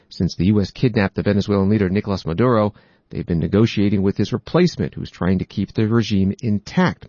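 Low-pitched guy reading news stories steady and measured, dry dull-ish audio. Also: no echo. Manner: steady, measured read with quoted reports. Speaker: news host.

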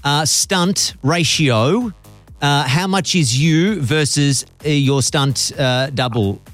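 A man from Australia hosts his own interview show, upbeat and quick with his questions. His voice sits a little high and sounds dry and close to the mic. Faint music runs underneath. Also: fairly bright tone, no room sound. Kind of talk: casual interview.

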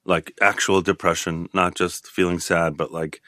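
A man in his sixties, a guest in an interview, talking reflectively in a halting way with frequent restarts. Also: low-pitched, level tone, pushed and bright, no echo, studio quality. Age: 60s.

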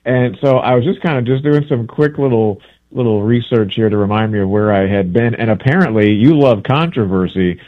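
A man's voice: medium pitch, brisk, no echo. Man on a tinny phone line. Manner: rambling, chatty, self-correcting. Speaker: travel book author, guest. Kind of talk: casual radio interview chat.

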